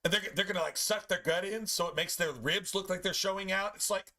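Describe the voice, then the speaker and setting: A man chatting casually while streaming a game, telling profane, animated stories about his pets. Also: high voice, brisk, few pauses. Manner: animated, profane storytelling with playful put-on pet voices.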